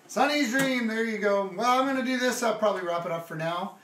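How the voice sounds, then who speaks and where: A man's voice: sits high, a little fast, far from the mic. A man hosting a music livestream from home, chatting in a rambling, easygoing way between songs. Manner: rambling, easygoing, thinks aloud. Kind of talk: casual chat between songs. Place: at home, with his dog nearby. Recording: echoey room with guitar.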